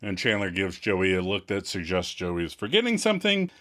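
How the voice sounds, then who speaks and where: A man co-hosting a podcast, narrating scenes in casual chat and breaking into loud impressions of the characters. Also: low-pitched, wildly swooping pitch, brisk. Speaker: podcast co-host. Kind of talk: casual episode recap.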